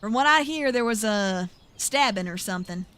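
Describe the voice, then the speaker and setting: A woman voicing a gruff male park groundskeeper in a put-on American Southern accent, reading game dialogue aloud with a guarded drawl. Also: mid-range voice, animated, moderate pace, a bit bright, lightly acted.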